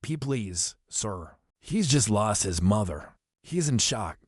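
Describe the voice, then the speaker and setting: A man voicing a nervous, timid young male satyr who speaks softly and pleads in an audiobook. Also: fairly low pitch, big pitch swings, slow pace, no room sound, clean studio sound, heavily acted. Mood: pleading.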